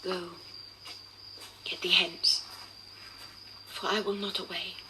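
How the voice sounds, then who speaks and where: An actress playing a desperate, tender young noblewoman in Shakespearean verse, speaking in a hushed voice. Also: lowish voice, little pitch movement, slow pace, a little hiss or hum, exaggerated voice, rough recording. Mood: hushed grief. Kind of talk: Shakespearean stage acting.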